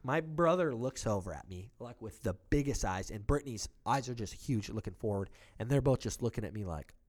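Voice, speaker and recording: Casual male storyteller, lively and profane, mimics the people in his story. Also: medium pitch, a little fast. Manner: animated, swearing, acts out quotes of others.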